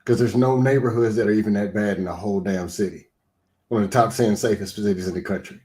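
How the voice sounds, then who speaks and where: A man's voice: fairly low pitch, fast, mellow. A man from the U.S. South-East talking in a casual chat, insistent and explanatory. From Chesapeake, Virginia.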